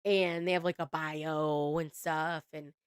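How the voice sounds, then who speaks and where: Slow-talking chatty woman host. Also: low-pitched, flat delivery, smooth, no echo, clean studio sound. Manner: chatty, laughs often, swears casually. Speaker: reality TV recap host. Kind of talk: casual recap chat.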